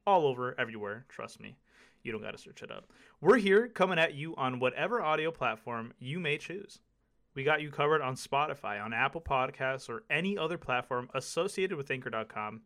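A man's voice: medium pitch, animated, a little fast, sharp tone. A man hosting a podcast in casual chat, hyped, jokey and chatty. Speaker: podcast host.

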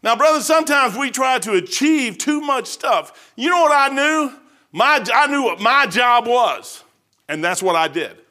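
A middle-aged man preaching a sermon in a folksy storytelling way, swinging between loud emphatic bursts and quieter asides. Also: extremely high pitch, animated, a little slow. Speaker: pastor.

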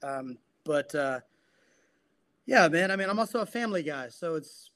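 A man's voice: a little high, animated, moderate pace, a bit bright. A man who is a guest on a podcast, speaking earnestly and reflectively in casual conversation. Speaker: guest, men's coach and psychotherapist. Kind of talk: casual interview talk.

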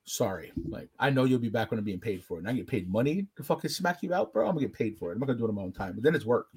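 A man telling a long, animated, profane story in casual chat, punchy and emphatic. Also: mid-range voice, racing, breathy edge. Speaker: podcast co-host telling a story.

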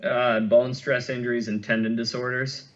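Heard over a remote call in muffled, lo-fi audio, a male interview guest explains running injuries in a thoughtful, conversational way full of fillers and restarts. His voice is medium-pitched and flat, at normal speed.

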